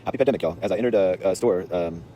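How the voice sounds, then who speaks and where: A man's voice: sits low, racing, dark tone, highs cut off, slight background noise. A man telling a story in a casual, rambling, slangy monologue, intense in delivery, recorded outdoors on a city street.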